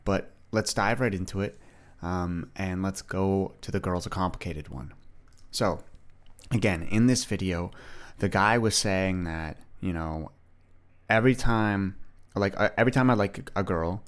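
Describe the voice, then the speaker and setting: A man's voice: low-pitched, a little slow. A young man hosting a solo podcast, talking casually and rambling with many restarts. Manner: rambling, chatty, frequent restarts and "like". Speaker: podcast host.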